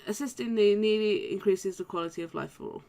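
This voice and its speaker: A woman gives voice to a kind, earnest male orc who runs a charity in a video game. The delivery is formal and sincere, read aloud rather than acted, at a middling pitch and a slightly softer level than her usual chat. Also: a little fast, natural voice.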